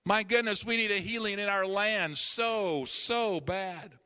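Bright-voiced preacher in a reverberant hall. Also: male voice, high-pitched, unhurried, clear, resonant tone. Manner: preaching with rising, emphatic calls. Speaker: pastor. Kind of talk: sermon.

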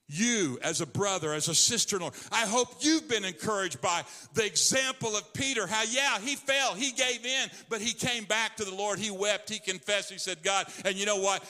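Man, pastor, sermon, dramatic loud-soft swings, long hall reverb. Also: high voice.

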